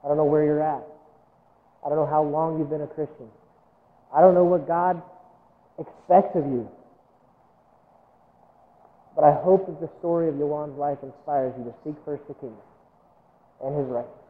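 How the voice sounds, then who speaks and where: A man with a notably high voice preaches in an earnest, heartfelt way, repeating himself as his feelings rise. The sound is thin and phone-like, as if it came down a narrow line. A long reverb trails behind every phrase, like a large sanctuary. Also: steady tone, normal speed, long pauses. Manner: earnest, emotional, repeats words when moved. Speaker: missionary preacher. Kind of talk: sermon storytelling. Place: church sanctuary.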